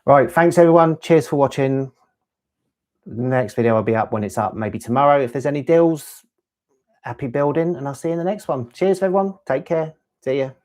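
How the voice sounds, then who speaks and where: This mid-range, darkish voice belongs to a LEGO channel host speaking a little fast. On a casual live stream he rambles, chats, reads chat aloud and takes viewers' questions about gear.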